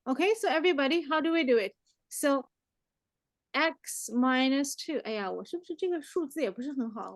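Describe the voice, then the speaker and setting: Brief: woman teacher with a high voice, dry close sound, upbeat and quizzing her class. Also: no room sound. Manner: lively, mixes English and Chinese, asks the class questions. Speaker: math teacher. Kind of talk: online math lesson.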